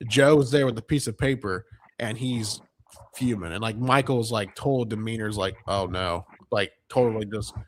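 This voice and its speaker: A man's voice: on the low side, moderate pace. A man talks casually through a movie's plot, circling back and quoting characters as he goes. His delivery is loose and full of fillers. A faint noise floor sits under the recording. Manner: rambling recap full of fillers and quoted lines. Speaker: podcast co-host reviewing a film. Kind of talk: casual chat.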